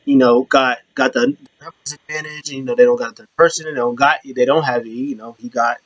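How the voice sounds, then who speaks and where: A man's voice: medium pitch, steady tone, a little fast, a bit bright, dry recording, highs cut off. A man hosting his own show, giving a casual, rambling recap with many restarts. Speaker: show host.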